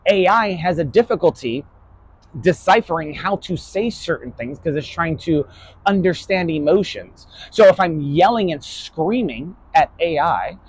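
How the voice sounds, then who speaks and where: A man's voice: a little high, breathy edge, dry recording. A man from New York giving a casual, blunt lecture to his online class, swearing freely and ending nearly every point with "right?". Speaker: online philosophy class host.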